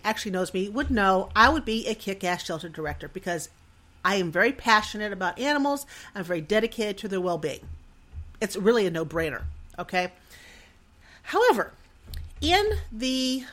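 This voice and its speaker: A middle-aged woman hosting a podcast, telling a personal story in an animated, self-deprecating way and laughing often. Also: mid-range voice. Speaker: podcast host.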